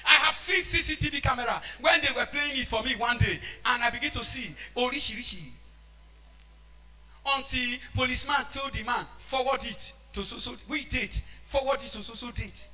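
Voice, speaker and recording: A man with a Nigerian accent preaching a sermon, shouting and switching into Pidgin. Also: extremely high pitch, moderate pace, faint music behind.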